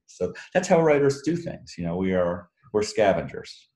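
A man's voice: sits low, big pitch swings, moderate pace, hardly any pauses, darkish tone, echoey room. A man, an author, answering audience questions in a loose, rambling, self-deprecating way and laughing often. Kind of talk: casual Q&A talk. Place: room with a live audience.

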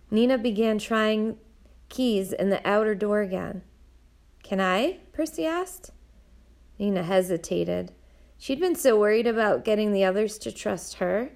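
A woman narrating an audiobook in a measured storytelling manner. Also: a little high, creaky.

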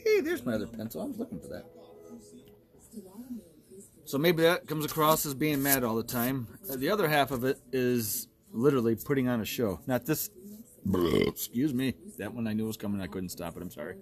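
A man's voice: mid-range voice, moderate pace. A man in his forties hosting a solo podcast, ranting bluntly and with lots of profanity, often laughing at himself. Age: 40s. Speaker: podcast host.

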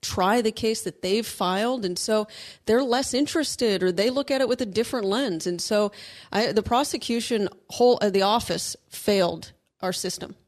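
A woman co-hosting a legal talk show, arguing her points in a brisk, assertive way. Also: mid-range voice. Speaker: co-host, lawyer. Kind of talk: casual legal commentary.

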